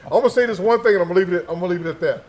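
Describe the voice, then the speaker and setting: A man's voice: high-pitched, rapid-fire, darkish tone, a little hiss or hum. A middle-aged man, a former sniper instructor, telling stories in casual chat, acting out quoted dialogue and repeating names for effect. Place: gun shop.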